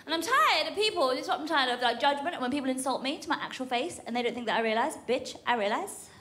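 Woman in her thirties, stand-up comic, high bright voice, punchy and crude, live stage recording with audience noise. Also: animated, racing. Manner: brash, punchy, swears freely. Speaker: stand-up comedian. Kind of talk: stand-up routine. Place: comedy club stage with audience.

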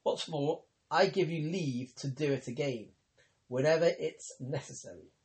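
A man's voice: fairly high pitch, measured pace, darkish tone. A man voicing a curious, skeptical grown man with a questioning, wry manner in an audiobook reading.

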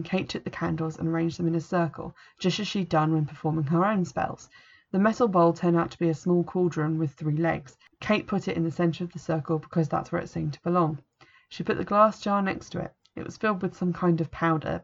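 A woman's voice: on the low side, steady tone, a little fast, vocal fry. A woman reviewing a book and reading an extract aloud in a plain, matter-of-fact way. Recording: dull lo-fi recording.

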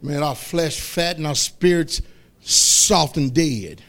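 A pastor preaching a fiery sermon, stretching out scripture in slow shouts and questioning his congregation. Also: a little high.

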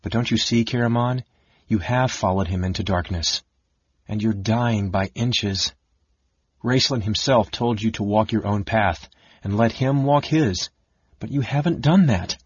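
A man voicing a quiet, resolute young wife. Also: fairly low pitch, unhurried, breathy edge, dry recording. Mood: gentle. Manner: quiet, steady and earnest. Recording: dull lo-fi dry audiobook recording.

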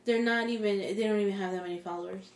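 A woman's voice: medium pitch, rapid-fire, reverberant. A woman co-hosting a podcast, talking casually and indignantly, acting out what other people say. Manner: indignant, animated quoting of others. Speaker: podcast co-host. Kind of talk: casual chat.

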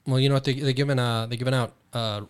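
A man's voice: mid-range voice, level tone, fast talker, smooth. An American man hosting a casual podcast chat, swearing freely and reading out news items. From United States.

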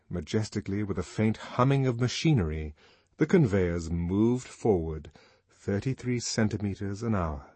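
A man reading a novel aloud as audiobook narrator, in an expressive, varied manner. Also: low voice, slightly rough, no echo.

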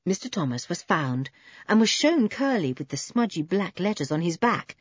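Female storybook narrator, animated and slightly husky, dry lo-fi home recording. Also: moderate pace, no room sound. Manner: lively, voices the children in higher pitch. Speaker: audiobook narrator. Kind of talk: storybook reading aloud with character voices.

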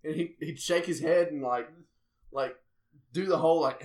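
A young man, a podcast guest about to marry, telling profane, animated stories in casual chat and quoting others in put-on voices. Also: mid-range voice, moderate pace, long pauses. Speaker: podcast guest, engaged groom.

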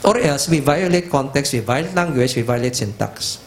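A man's voice: mid-range voice, animated, brisk, a little hiss or hum. A middle-aged Filipino man preaching a teaching sermon, emphatic and repetitive, switching back and forth between languages. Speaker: pastor.

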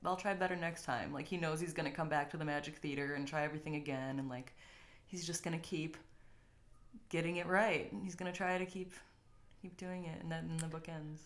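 Young woman podcast host, lowish voice, rambly casual chat, laughs a lot. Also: fairly even intonation, brisk.

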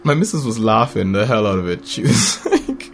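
A man in his thirties telling family stories in a casual chat, lively and acting out voices with laughter. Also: normal speed, slight background noise. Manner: animated storyteller, acts out voices with big pitch jumps and laughter.

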